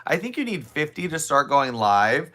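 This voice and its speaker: Man, live streamer, slightly raspy, voice worn from overuse, bright and forceful tone, animated chat. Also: on the high side, moderate pace. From Southwest Florida. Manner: chatty, animated, laughs often, talks to viewers' comments. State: voice worn from talking for hours. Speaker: live streamer and fitness instructor. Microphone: streaming setup close to camera.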